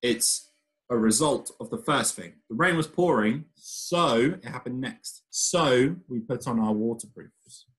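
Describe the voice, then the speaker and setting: A man's voice: mid-range voice, unhurried, low-quality recording. A man, a primary school teacher, talking a young class patiently through a recorded remote lesson, step by step. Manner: reads the story aloud with lively expression.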